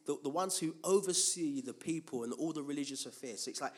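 A man's voice: a little high, expressive, fairly quick. A man preaching a Bible teaching sermon, asking rhetorical questions and answering them himself, with frequent restarts and repeated words.

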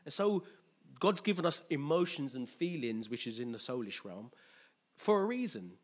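A man preaching a sermon with animated, emphatic delivery and call-and-response. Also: medium pitch, normal speed.

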